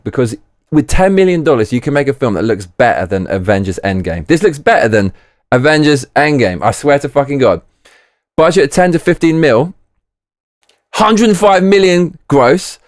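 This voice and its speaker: A man's voice: a little high, sing-song, normal speed, dry recording, studio quality. Blunt, profane man reviewing a film. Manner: blunt, profane and emphatic, repeats himself. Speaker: movie reviewer. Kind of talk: casual spoken film review. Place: living in Japan.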